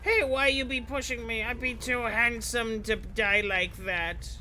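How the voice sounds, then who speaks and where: A man voicing a cocky, brash little male goblin in a high, squeaky voice with broken grammar, while streaming a game. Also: fairly even intonation, unhurried, background noise.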